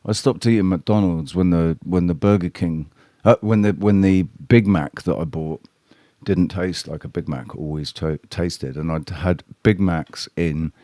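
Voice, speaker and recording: This is a man with a low, mellow voice, unhurried and with few pauses, talking directly to his chat during a casual live stream. He's rambling and blunt and swears freely, and the studio-quality audio has no echo.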